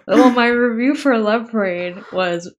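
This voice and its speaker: A woman's voice: a little high, a little slow, a little hiss or hum. Playful, giggly female podcast co-host. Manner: playful, self-mocking, giggly. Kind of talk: casual film podcast chat.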